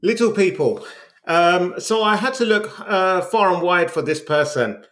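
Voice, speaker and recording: A man's voice: high voice, lively intonation, measured pace, a bit bright. A man co-hosting a podcast, in wry, teasing casual chat. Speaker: podcast co-host.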